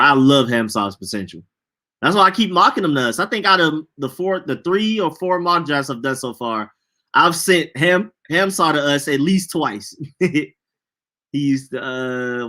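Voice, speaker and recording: A man's voice: medium pitch, sharp tone. A young man hosting a casual sports podcast, chatting loosely and reacting to viewer comments. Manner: loose, chatty, says bro a lot. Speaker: podcast host reading chat.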